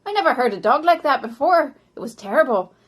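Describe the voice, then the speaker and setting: A woman acting as a dead older man who narrates his life story in a first-person historical monologue, often dropping soft and slow. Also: sits high, lively intonation. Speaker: volunteer actor.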